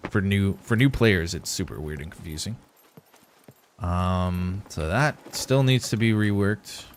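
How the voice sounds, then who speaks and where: A young man streaming a survival game live, rambling easily to his viewers between bits of play. His voice sits low for a man, and he talks in a loose, conversational way. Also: slight background noise. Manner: casual, rambling, talks to chat while playing. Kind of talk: live gameplay commentary.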